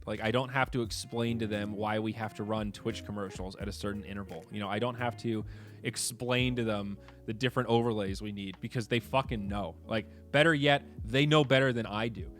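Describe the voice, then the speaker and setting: A man hosting a casual livestream chat, animated and swearing, moving between low mutters and excited outbursts. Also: brisk, faint music behind. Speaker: streamer host.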